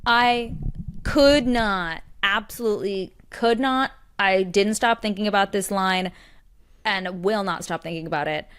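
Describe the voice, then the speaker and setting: A woman co-hosting a podcast in casual chat, animated and quick to laugh, acting out the lines she quotes. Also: mid-range voice, smooth. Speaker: podcast co-host.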